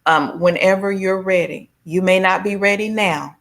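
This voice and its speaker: A woman guest on a talk show, speaking calmly and reflectively, sometimes slipping into quoted voices. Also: medium pitch, moderate pace. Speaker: guest, domestic violence survivor. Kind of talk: casual conversational interview.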